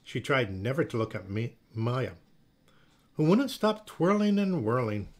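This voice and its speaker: Slow, expressive man reading a storybook. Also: mid-range voice. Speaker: storybook reader. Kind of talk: reading a children's book aloud.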